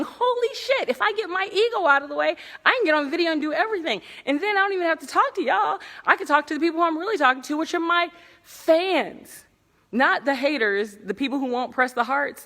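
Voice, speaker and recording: A woman's voice: a little high, a bit bright, in a large hall. A woman coach talking casually and bluntly to viewers in a live video, cursing freely and laughing often. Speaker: speaking coach. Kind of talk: casual livestream talk to viewers. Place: hotel conference room at night.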